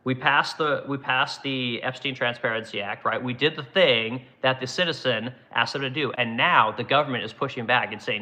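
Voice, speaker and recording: A man's voice: medium pitch, expressive, fairly quick, sharp tone. A man hosting his own show, ranting bluntly with constant swearing while reading and answering viewer comments. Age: adult, runs business ten years. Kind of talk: casual profane commentary.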